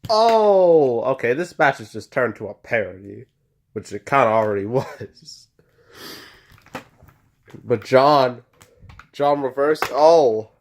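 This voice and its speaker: A show host giving excitable play-by-play commentary on a wrestling video game match, full of gasps and exclamations and talking to the wrestlers on screen. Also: mid-range voice, slow pace, pauses often.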